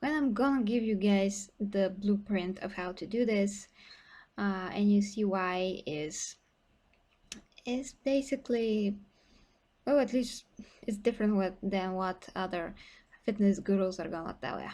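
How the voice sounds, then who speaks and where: A woman's voice: mid-range voice, measured pace, a little mellow. A young woman talking casually to her viewers about fitness in a blunt, chatty way, with many fillers and restarts. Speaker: fitness vlogger. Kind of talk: casual livestream talk to viewers.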